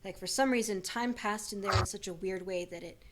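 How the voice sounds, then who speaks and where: A woman's voice: medium pitch, brisk, heavy background noise. A woman narrating a tabletop game as game master, rambling with many fillers.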